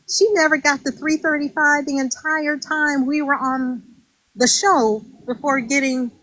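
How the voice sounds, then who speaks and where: A woman, a former reality show contestant, telling her story in a casual interview, animated and indignant, acting out what others said. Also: high-pitched, poor audio. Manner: animated and indignant, acts out quotes.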